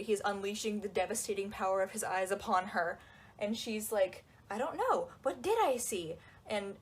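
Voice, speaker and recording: A young woman giving casual, sarcastic commentary on a book, acting out quotes in quick asides. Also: mid-range voice, rough recording. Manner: sarcastic, chatty, acts out quotes.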